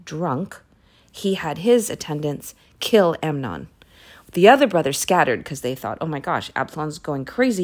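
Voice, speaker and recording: Lady chatting through a bible story, lowish voice, lots of asides. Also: a little mellow. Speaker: podcast host reading the Bible. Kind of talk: casual Bible retelling. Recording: voice message recording.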